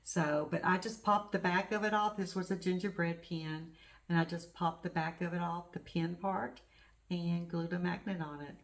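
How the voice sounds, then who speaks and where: A middle-aged woman on the low side of pitch talks at a moderate pace, her intonation fairly even. She hosts a craft channel, and her casual show-and-tell rambles on while she gushes over little things in her stitching work.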